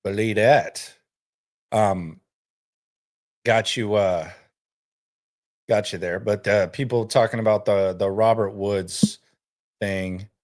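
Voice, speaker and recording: A man's voice: lowish voice, fairly even intonation, slow pace, pauses often, darkish tone. A man hosting a casual sports stream, laid-back and rambling, often repeating words as he restarts. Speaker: podcast host. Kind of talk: casual live-stream talk.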